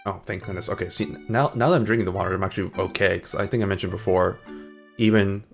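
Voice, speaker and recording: A man's voice: low voice, fairly even intonation, fast, creaky. A man chatting casually on a live stream, rambling and joking with frequent ums, with faint music behind him.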